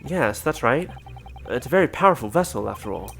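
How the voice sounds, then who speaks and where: A man's voice: medium pitch, animated, fairly quick, creaky, a bit bright, soft background music. A man voicing a polite, knowledgeable young female assistant who explains things earnestly. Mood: explaining.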